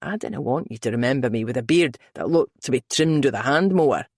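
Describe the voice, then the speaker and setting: A woman voicing a low Scottish rogue. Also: lively intonation, a little fast, no echo, studio quality. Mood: wry. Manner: low, teasing, murmuring. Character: gruff tender Scottish male lover.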